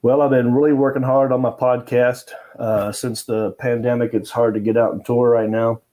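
A man's voice: medium pitch, little pitch movement, moderate pace, mellow. Rambling middle-aged male comedian guest. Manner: rambling anecdotal with fillers and restarts. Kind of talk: casual interview storytelling.

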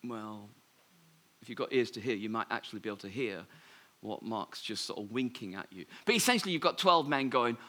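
A man preaching a sermon, retelling scripture with lively humour and playful asides. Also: on the low side, brisk. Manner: lively storytelling with humorous asides.

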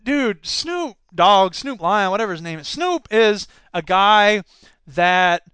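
A man's voice: high voice, sing-song, takes it slowly, fairly bright tone, clear, resonant tone, no echo. A man hosting a podcast, reading news items and riffing with jokes in a rambling, playful way. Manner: jokey, rambling, slips into silly voices. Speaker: podcast host. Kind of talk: comedic news commentary.

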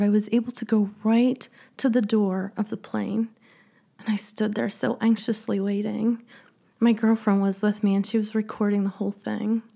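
A middle-aged woman telling a personal story with deep feeling, often dropping to a soft whisper. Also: vocal fry. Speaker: speaker and coach.

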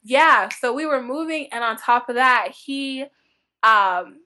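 A woman book blogger chatting as a podcast guest, telling lively stories with frequent laughter and acted-out quotes. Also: high-pitched, takes it slowly. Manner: animated, laughing often, acts out quotes. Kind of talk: chatty podcast interview storytelling.

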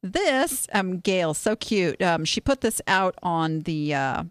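Lively chatty woman giving frank advice. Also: lowish voice, slow, no room sound, studio quality. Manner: chatty, frank, animated, with many restarts. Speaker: host reviewing online listings. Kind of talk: casual live-stream advice.

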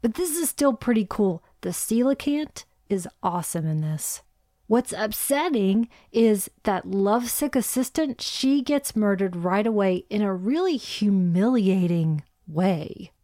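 A woman's voice: medium pitch, animated, a little slow, warm tone, no echo, clean studio sound. A woman co-hosting a podcast, chatting about horror films in a joking, opinionated way. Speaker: podcast co-host. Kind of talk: casual film review chat.

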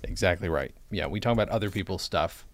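A man co-hosting a comedy podcast, chatting and riffing with playful deadpan bits. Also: low-pitched, fast, dry recording. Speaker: podcast co-host. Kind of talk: improvised comedy chat.

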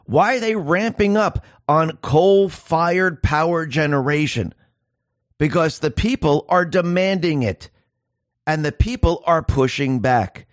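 A male commentator delivering a monologue in a fairly high voice. He talks emphatically, asking one rhetorical question after another. The sound is dry and close, with no room echo. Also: takes it slowly. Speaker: political commentary host.

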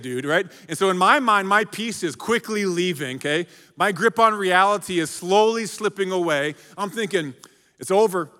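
This sermon comes from a male pastor with a high, bright voice who preaches with energy, jokes around, and calls out to the congregation. The sound carries a long hall reverb from the large church auditorium.

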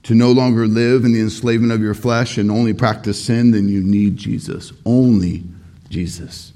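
A male pastor preaches with a low, mellow voice. He speaks earnestly and leans into key words by slowing down. His tone is warm and rounded. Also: steady tone. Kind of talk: sermon.

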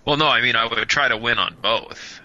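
A man's voice: medium pitch, a little fast, bright, forceful tone, highs cut off. A man co-hosting a casual podcast, playful and often laughing. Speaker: podcast co-host. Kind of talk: casual chat.

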